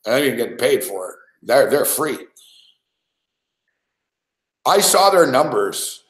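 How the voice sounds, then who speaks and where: A man's voice: medium pitch, sing-song, measured pace, fairly bright tone. A man hosting a podcast, telling a rambling, profane story in casual chat and laughing often. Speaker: podcast host. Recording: roomy echo.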